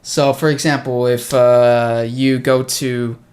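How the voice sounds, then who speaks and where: A young American English teacher hosts a casual chat with a friend, speaking slowly in a mid-range voice. He's an animated storyteller who acts out the quoted dialogue in his tales.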